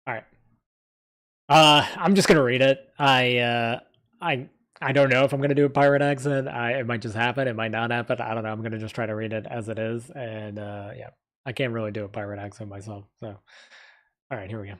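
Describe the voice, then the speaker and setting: A male streamer talking casually to his viewers in a mid-pitched voice. He rambles and hesitates, stopping often to restart his sentences and reach for the next word. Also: flat delivery, fairly quick, a bit bright. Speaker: streamer and fantasy writer. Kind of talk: casual live-stream chat.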